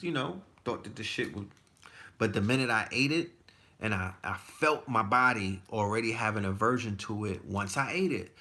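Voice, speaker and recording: A man's voice: fairly low pitch, bright, forceful tone. A man in his forties telling stories in a loose, profane casual chat, full of restarts. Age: 40s. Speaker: podcast guest. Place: Texas.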